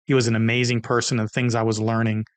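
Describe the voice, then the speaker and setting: A middle-aged man speaks as a podcast guest in an animated, energetic way, slipping into the voices of the people in his stories. His voice sits in the middle range. The recording is close and dry, with no room sound. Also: medium pitch, fast, no echo. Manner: energetic, animated storyteller who acts out dialogue. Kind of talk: interview storytelling.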